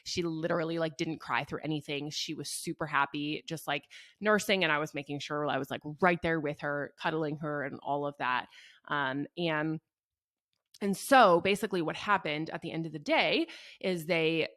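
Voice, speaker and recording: A young woman talks through a personal story in an easygoing, earnest voice that sits a little low. Her speech is loose and chatty and full of fillers. The sound is dry and close. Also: normal speed, fairly bright tone, no room sound. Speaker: mother telling her birth story. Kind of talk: casual storytelling.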